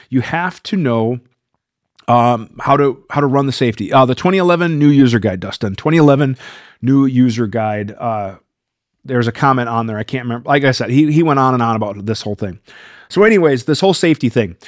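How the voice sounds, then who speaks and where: A man's voice: mid-range voice, brisk, dry recording, clean studio sound. A man hosting a live viewer Q&A stream, talking casually and getting worked up as he rambles. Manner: animated, gets worked up and rambles.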